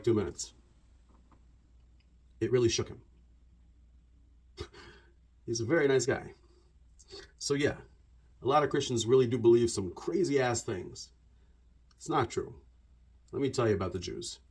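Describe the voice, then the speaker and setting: This is a man with a slightly husky, mid-pitched voice who holds forth in a loose, conversational monologue. He wanders off on tangents and stacks repeated words for emphasis. His delivery stays animated and chatty throughout. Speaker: religious commentator.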